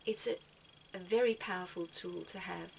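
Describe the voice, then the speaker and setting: A woman talking gently and reflectively to her viewers, giving spiritual advice and often repeating words as she thinks. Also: lowish voice, moderate pace, creaky, a little hiss or hum, low-quality recording.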